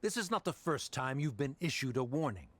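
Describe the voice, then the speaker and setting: A man's voice: medium pitch, sing-song, fairly quick, heavy background noise, lightly acted. A man voicing a stern, condescending academy official in a game, cold and officious. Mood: haughty. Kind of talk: game voice acting.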